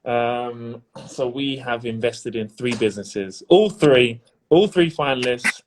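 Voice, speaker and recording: An upbeat man leads a business pitch final over a video call. He talks casually and warmly to the finalists, repeating phrases as he goes. His voice sits at an everyday middle pitch. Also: slow pace, slight background noise. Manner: upbeat, chatty, repeats himself. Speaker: investor hosting a pitch competition final. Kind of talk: casual live-stream chat.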